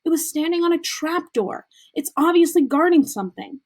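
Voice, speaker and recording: A woman's voice: very high voice, animated, normal speed, darkish tone, pitched above the performer's own voice. A woman doing Hermione, a snappish know-it-all schoolgirl. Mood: snappish lecturing. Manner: snappish, lecturing. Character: bossy clever schoolgirl, sharp-tempered.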